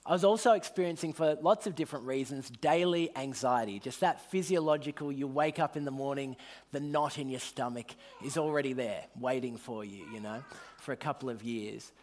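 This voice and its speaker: A man preaching a sermon, retelling scripture in an earnest storytelling way and dropping low and quiet on solemn lines. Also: a little fast.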